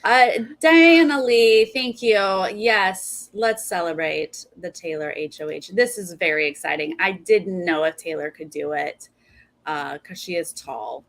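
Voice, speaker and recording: A woman's voice: low voice, a little slow, a bit bright. Chatty woman hosting a recap. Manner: chatty, reads out viewer chat thanks. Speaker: podcast host. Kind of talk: casual recap chat.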